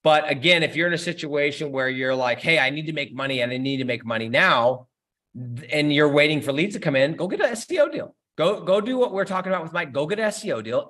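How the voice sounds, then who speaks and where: Young guy hosting a live q&a, pumped and slangy, talks right to the chat, mid-pitched voice. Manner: energetic and slangy, addresses viewers directly. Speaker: host answering live chat questions. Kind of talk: casual live Q&A stream.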